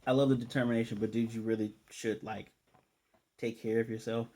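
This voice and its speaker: A man casually recapping and reviewing an anime episode, rambling and slipping into quick quoted lines of dialogue. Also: mid-range voice, little pitch movement, a little mellow. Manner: rambling, retells scenes with quick quoted voices.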